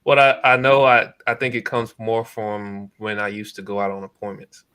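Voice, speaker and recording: A man co-hosting a casual podcast chat, speaking in a relaxed way with frequent hesitations; English is not his first language. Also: fairly low pitch, clean tone. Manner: relaxed, speaks slowly and evenly, many "uh" fillers. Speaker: co-host, real estate investor.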